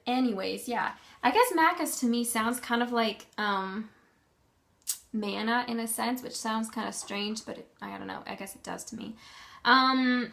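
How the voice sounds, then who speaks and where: A woman's voice: a little high, gravelly, fairly bright tone. A young woman vlogging in a casual, rambling way, full of ums and self-corrections. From Canada. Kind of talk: casual chat.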